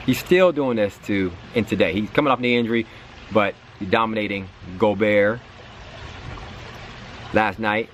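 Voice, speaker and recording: Animated low-voiced man telling a story. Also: normal speed, long pauses, slight background noise. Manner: animated storytelling, repeats words, acts out his own reactions. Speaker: sports channel host. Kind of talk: casual commentary monologue.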